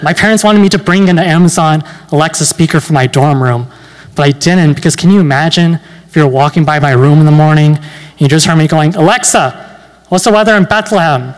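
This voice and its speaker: A nineteen-year-old man delivers stand-up in a dry, deadpan way, his voice sitting a little high for a man. He leaves small pauses and fillers between jokes. The sound carries a long reverb from a large hall. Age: late teens. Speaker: stand-up comedian. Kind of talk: stand-up comedy set. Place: university event hall.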